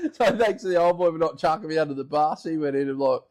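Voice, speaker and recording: A man with an Australian accent, a podcast co-host casually telling a story in animated, swear-heavy language. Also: a little high, quick pace, slight background noise. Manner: animated, profane yarn-spinner.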